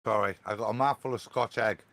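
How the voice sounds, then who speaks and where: A man's voice: lowish voice, fairly even intonation, fast, a bit bright. A man on a panel in casual chat, speaking bluntly and with confidence.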